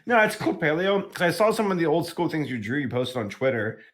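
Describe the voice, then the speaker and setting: A man hosting a podcast, chatting in a jokey, animated way and acting out little quotes. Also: a little high, brisk. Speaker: podcast host. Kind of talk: casual podcast chat.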